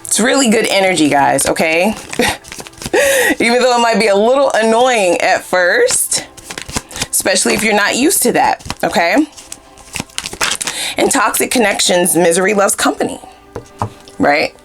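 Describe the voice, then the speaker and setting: A woman giving a casual tarot reading in a blunt, profane and animated way. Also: medium pitch, a little slow, long pauses, over music. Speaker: tarot reader.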